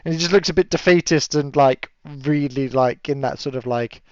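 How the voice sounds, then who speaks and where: Chatty game master, lo-fi sound. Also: male voice, a little high, moderate pace, few pauses, a little mellow, clean tone, no echo. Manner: chatty, laughs often, many fillers. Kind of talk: narrating a tabletop game. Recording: dull lo-fi audio.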